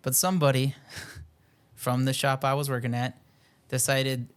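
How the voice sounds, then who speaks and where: A young man on a casual podcast, telling a long story with plenty of swearing. He leans on "like" and acts out what people said as he rambles on. His voice sits at an ordinary mid pitch. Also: level tone, unhurried, clean tone. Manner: rambling, profane anecdote telling with frequent "like". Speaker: podcast co-host.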